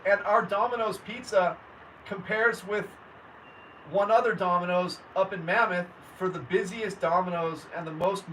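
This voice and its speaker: A man's voice: high-pitched, fairly bright tone. A man, chatting casually with viewers on a livestream and greeting them by name. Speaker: livestream host. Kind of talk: casual livestream chat reading comments. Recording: distant mic with faint background noise.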